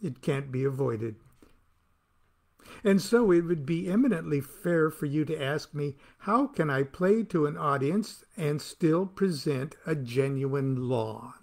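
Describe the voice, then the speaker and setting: A man's voice: a little high, lively intonation, unhurried, gravelly, a little mellow. A man reading aloud from his own book, with a wry, theatrical delivery that plays to the listener.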